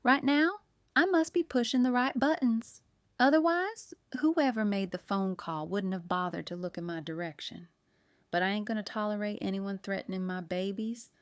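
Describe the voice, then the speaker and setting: Audiobook: folksy, fiercely protective older baker, voiced by the woman narrator, smooth tone. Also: medium pitch, normal speed, dry recording, natural voice. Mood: determined. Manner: folksy, homespun talk.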